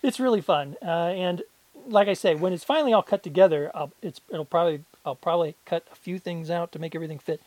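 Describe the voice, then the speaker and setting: A woman's voice: lowish voice, quick pace, darkish tone, dry recording. Podcast co-host, woman, loose rambling delivery, dead-dry mic. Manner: rambling, frequent restarts and laughs. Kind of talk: casual chat.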